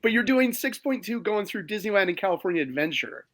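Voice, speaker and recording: A man's voice: high-pitched, expressive, quick pace, dry recording. A man co-hosting a movie podcast in casual chat, upbeat and enthusiastic. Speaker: podcast co-host.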